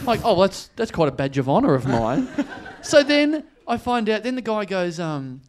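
A man spins a comic story live before an audience, his high voice swinging widely as he acts out the people in it. He laughs through his lines and keeps the energy up. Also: big pitch swings, moderate pace. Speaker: comedian guest.

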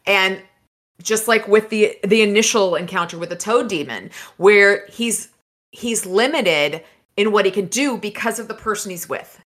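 A woman co-hosting a casual book podcast, chatting about chapters and reading passages aloud in an animated way. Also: medium pitch, moderate pace. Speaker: podcast co-host.

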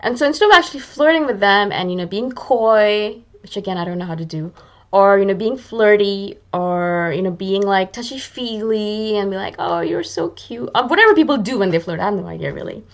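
A woman's voice: mid-range voice, expressive, fairly quick, highs cut off. A woman hosting a podcast in a chatty, self-mocking monologue, acting out her own thoughts as she talks. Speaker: podcast host. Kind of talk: casual monologue.

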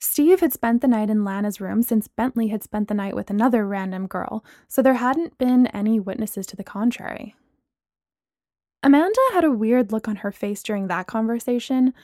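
Woman narrating an audiobook, high and dry. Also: warm tone, no echo. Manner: first-person storytelling with voiced dialogue.

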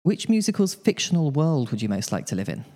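A man's voice: fairly high pitch, very animated, a little fast, warm tone, big-room sound. A man hosting a podcast interview, enthusiastic and gushing about shows as he asks his questions. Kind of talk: casual interview chat.

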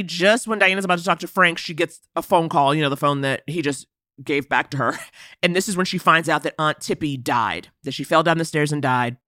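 A woman co-hosting a podcast, recapping a movie in a sarcastic, animated way and laughing often. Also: on the low side, no room sound, studio quality. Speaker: podcast co-host.

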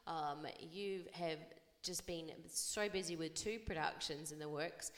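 A woman's voice: low-pitched, unhurried. A woman co-hosting a podcast in casual chat, bubbly and playful, rambling a little. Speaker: podcast co-host.

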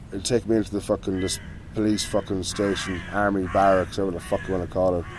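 A man's voice: deep voice, darkish tone, slight background noise, rough recording. A man with an Irish accent, a guest telling a long, rambling story in casual talk and swearing almost every line. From Ireland. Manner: profane, rambling, swears constantly. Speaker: interview guest.

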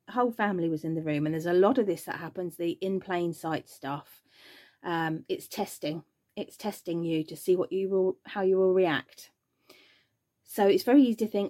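An earnest woman tells her story as a mother in a mellow, warm tone. She speaks emphatically and reflectively, rising when she makes a point. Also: lowish voice. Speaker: mother sharing her experience. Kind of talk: personal testimony.

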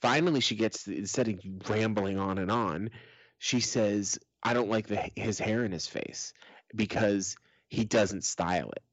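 A man's voice: on the low side, a little slow, no echo, lo-fi sound. A middle-aged man on a podcast, telling family stories in casual chat, swearing often and laughing as he goes. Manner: profane, laughing storyteller. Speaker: podcast co-host.

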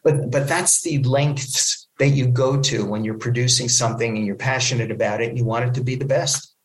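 Animated storytelling man, echoey room. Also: medium pitch, brisk. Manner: animated storyteller acting out quoted voices. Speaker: guest, film producer. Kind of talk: storytelling in an interview.

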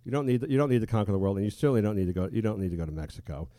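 Male podcast host, rapid rambling banter, dark dry voice, laughs a lot. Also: on the low side, lively intonation, no room sound. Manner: rambling, laughs often, swears casually.

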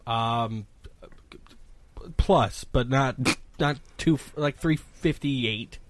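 A man's voice: mid-range voice, extremely slow, background noise. A man co-hosting a casual podcast chat, joking boisterously about himself and his friends. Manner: boisterous, self-mocking banter. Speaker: podcast co-host.

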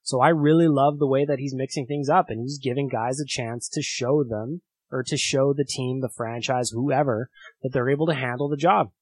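A man's voice: medium pitch, steady tone, normal speed, slightly rough, dry recording. A male podcast host talking casually and reacting with amusement to listener voicemails.

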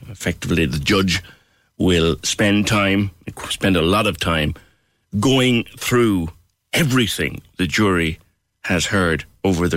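A very deep-voiced man hosting a talk radio show. He explains in a measured way and restarts phrases now and then. The sound is dry and close. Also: a bit bright, no echo.

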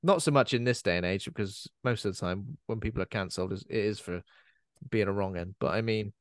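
A man's voice: lowish voice, fast, no echo, clean studio sound. A man co-hosting a horror film podcast, chatting in a rambling, easygoing way and laughing often. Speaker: podcast co-host. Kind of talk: casual film chat.

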